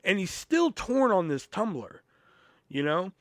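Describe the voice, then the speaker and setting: A man's voice: high-pitched, very animated, unhurried, no room sound, studio quality. A man hosting a podcast, telling a story in a casual, profane, rambling way with lots of "you know". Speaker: podcast host.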